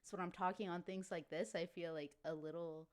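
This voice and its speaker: A woman from Louisiana with a slight Cajun accent, co-hosting a podcast in casual chat, talking with lots of "like" and quick laughs. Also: lowish voice, steady tone. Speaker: podcast co-host.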